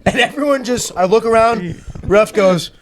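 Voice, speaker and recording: Young male podcast guest, casual storyteller, self-mocking, acts out quotes. Slightly high, lively pitch. Faint noise on the track. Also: moderate pace. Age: young adult.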